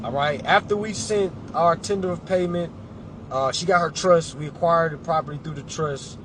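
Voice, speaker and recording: A man's voice: a little high, moderate pace, a bit bright, a little hiss or hum. A man in a casual talk to camera, advising clients in an emphatic, preachy way, calling listeners y'all and family. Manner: colloquial, addresses audience as y'all and family.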